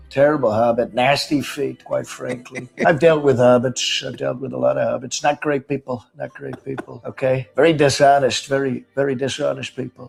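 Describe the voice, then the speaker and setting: A man's voice: medium pitch, creaky, natural voice, poor audio. A man voicing a Gollum-like creature who brags and rambles in a politician's manner, repeating phrases and hissing "we wants it.".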